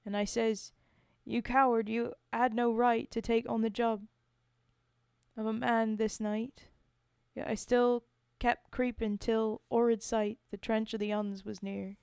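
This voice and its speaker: A woman voicing a plucky Cockney wartime woman in a dramatic poetry reading, with a rough put-on accent. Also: fairly high pitch, level tone, measured pace, darkish tone, no room sound, studio quality. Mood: storytelling. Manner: rough, self-admittedly shaky accent in a sing-song reading.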